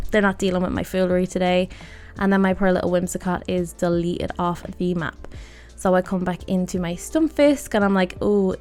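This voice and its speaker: A woman talks through her battles in a relaxed, chatty way, often laughing at her own blunders. Her voice sits at a middling pitch for a woman. Soft music plays quietly under her talk. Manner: self-mocking, laughs often. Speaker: gaming video creator. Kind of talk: casual gameplay commentary. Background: background music.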